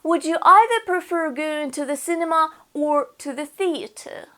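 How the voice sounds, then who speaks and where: Woman teacher, high voice, online lesson, patient step-by-step explainer. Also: moderate pace, sharp tone. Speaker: language teacher.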